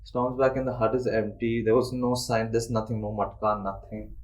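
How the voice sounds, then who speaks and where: A man's voice: medium pitch, flat delivery, normal speed, low-quality recording. A young man, casually telling a ghost story on a podcast and swearing freely. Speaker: podcast host.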